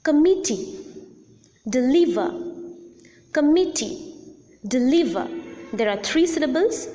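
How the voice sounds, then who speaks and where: A woman teaching English word stress in a recorded lesson, speaking deliberately and repeating each example word clearly. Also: sits high, mellow, big-room sound.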